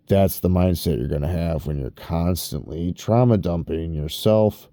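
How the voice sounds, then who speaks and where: Male vlogger, very low voice, dry close sound, rambling profane rants. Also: normal speed, mellow, no echo. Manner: rambling, profane, self-interrupting. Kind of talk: rambling personal vlog rant.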